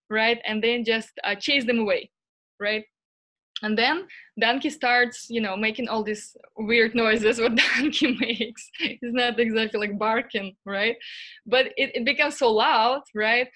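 A woman's voice: a little high, moderate pace, fairly bright tone. A woman giving an online lecture, telling a story animatedly and tagging nearly every phrase with "right?" and "you know". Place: online stream.

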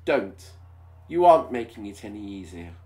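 A man's voice: fairly low pitch, very animated, normal speed, a little mellow. A man voicing a distraught young woman from a romance story, in an overwrought, melodramatic way. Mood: pleading.

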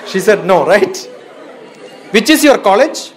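Older man, Indian English accent, high-pitched, lecturing students, chants Sanskrit verses, laughs often. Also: big pitch swings, a little slow, a faint crowd. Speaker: guest speaker at a student orientation. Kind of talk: lively motivational lecture to students.

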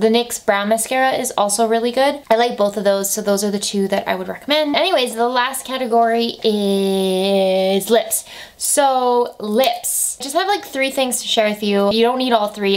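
A woman's voice: fairly high pitch, normal speed. Chatty young woman vlogger. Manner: chatty, lots of "like" and "I feel like", laughs easily. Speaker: beauty vlogger. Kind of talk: casual product recommendations to camera.

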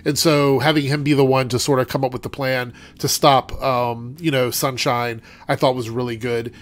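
A man's voice: medium pitch, flat delivery, moderate pace. A young man with a congested, nasal voice giving a chatty, rambling TV review full of fillers. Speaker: TV show reviewer. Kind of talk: casual rant and review.

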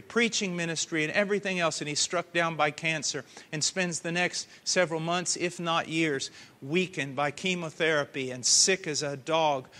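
A man preaching a sermon with passion, swinging from hushed earnest tones to loud cries. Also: a little high.

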